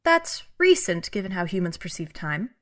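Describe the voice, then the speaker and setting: An actress playing an eerie, inhuman female customs officer who speaks in a calm, cold, measured and menacing way. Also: lowish voice. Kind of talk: audio drama acting.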